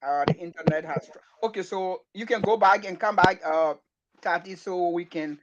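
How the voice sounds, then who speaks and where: A man hosting an online talk show, with a fairly high voice. He calls out to his guests and often repeats words, and the call audio sounds muffled. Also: normal speed, heavy background noise.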